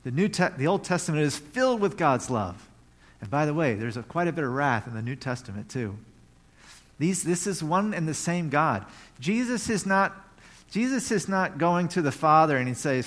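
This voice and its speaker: A man preaching a sermon in a conversational way, reading scripture aloud and now and then breaking into joyful shouts. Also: a little high, expressive, moderate pace. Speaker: pastor.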